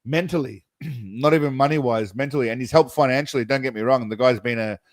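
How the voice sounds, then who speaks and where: A man hosting a relaxed live chat with his viewers, meandering from thought to thought and chuckling as he goes. His voice sits in a middling register and is recorded close and dry, with no room echo. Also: medium pitch, fast talker. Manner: rambling, laughs often, says mate and brother. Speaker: livestream host.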